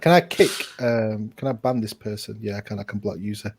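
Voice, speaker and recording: A man's voice: on the low side, a little fast, a little mellow, breathy edge. A young man co-hosting a casual advice podcast, joking around with cheeky, mock-stern banter. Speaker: podcast co-host.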